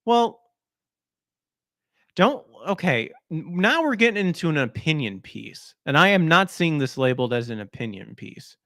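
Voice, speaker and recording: A man's voice: fairly high pitch, sing-song, normal speed, a bit bright, no room sound, clean studio sound. A man hosting a gaming podcast, ranting sarcastically about news articles in a mocking, crude way. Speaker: podcast host.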